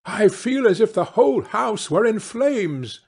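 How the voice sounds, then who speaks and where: A man's voice: sits high, huge pitch swings, unhurried, slightly rough, pitched above the performer's own voice, full character voice. A man voicing a guilt-ridden, fearful stepmother in a fairy tale, talking in a fretful, pleading way.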